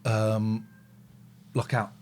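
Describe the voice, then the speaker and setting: A man hosting a live show, chatting casually in a playful, teasing way with sudden loud outbursts. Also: on the low side, completely flat delivery, drawn-out words, slight background noise. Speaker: radio host.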